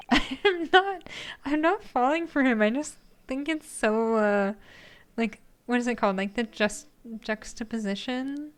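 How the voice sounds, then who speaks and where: A woman's voice: a little high, measured pace, clear, resonant tone. Giggly young woman streamer. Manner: giggly, gushing reactions. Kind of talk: live gameplay commentary. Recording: game music behind voice.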